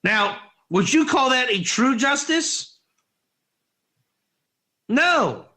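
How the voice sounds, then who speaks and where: A man teaching a Torah class, excitable and rhetorical, his voice jumping up when he gets animated. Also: very high voice, extremely slow.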